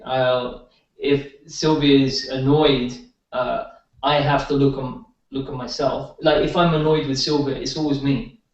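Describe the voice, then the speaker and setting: A man's voice: medium pitch, little pitch movement, unhurried. A man telling rambling stories in casual conversation, with many restarts, as a guest healer. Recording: roomy dull sound from far off.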